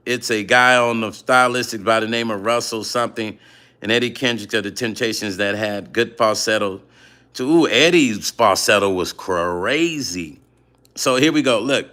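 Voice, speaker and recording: A middle-aged man chatting casually late at night on his vlog, telling animated stories and repeating himself for emphasis. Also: medium pitch. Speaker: vlog host reading viewer comments.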